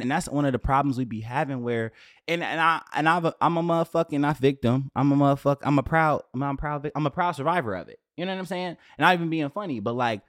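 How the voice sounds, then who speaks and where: A man in his late twenties talking casually as a podcast host, animated and profane with streetwise slang, in a dry room on camera. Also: medium pitch, dry recording. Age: 20s. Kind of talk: casual solo rant.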